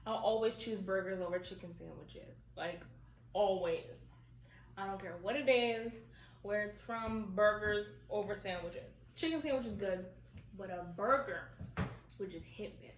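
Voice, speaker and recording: A woman's voice: mid-range voice, a little slow. A young woman vlogger in casual chat, teasing and dismissive. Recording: echoey room with faint noise.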